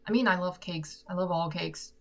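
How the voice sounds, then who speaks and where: A woman's voice: fairly low pitch, moderate pace. Chatty woman with an American accent. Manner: chatty and self-deprecating. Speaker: singer and livestream host. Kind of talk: casual livestream Q&A. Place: her room at home. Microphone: sock-covered microphone.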